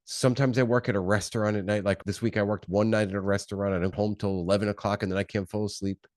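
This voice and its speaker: A man's voice: on the low side, flat delivery, fast talker, darkish tone, dry recording, studio quality. A man hosting his own podcast, talking unscripted in a punchy, repetitive, fired-up way, firing off rhetorical questions. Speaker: podcast host. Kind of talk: unscripted motivational monologue.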